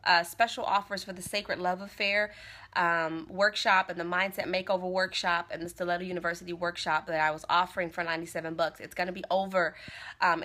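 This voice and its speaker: A woman's voice: on the low side, pushed and bright. A woman speaking casually and earnestly on a phone livestream, encouraging her viewers and repeating phrases for emphasis. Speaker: motivational speaker. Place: Tampa.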